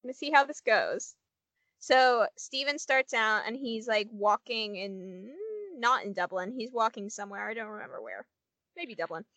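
A woman's voice: on the high side, normal speed, a bit bright, dry recording. A young woman co-hosting a podcast, rambling in casual chat with lots of "like" fillers. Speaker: podcast co-host.

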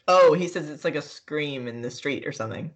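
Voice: medium pitch, brisk. A podcast co-host chatting casually, rambling, giggling and trailing off while searching for words. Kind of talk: casual chat.

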